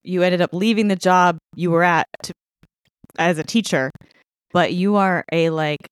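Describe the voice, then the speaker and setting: A woman's voice: lowish voice, normal speed, clear, resonant tone, no room sound. A woman co-hosting a podcast who jokes and affirms her guest. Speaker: podcast co-host. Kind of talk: casual interview chat.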